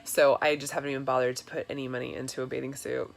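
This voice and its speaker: A woman's voice: very deep voice, flat delivery, quick pace, gravelly. A woman in her thirties chatting casually and confessionally in a personal vlog, with lots of fillers. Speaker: vlogger. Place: home in Florida.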